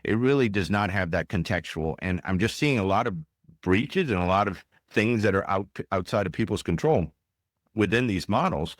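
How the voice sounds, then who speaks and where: A man hosting a podcast interview, telling lively anecdotes in a casual way. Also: sits low, moderate pace, dry recording, clean studio sound. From United States. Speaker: podcast host.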